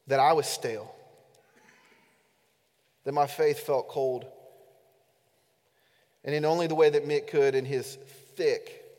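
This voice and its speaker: A man's voice: medium pitch, darkish tone. A man who is a pastor, preaching an earnest, emphatic sermon to his congregation during a church service. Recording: echoey hall with long reverb.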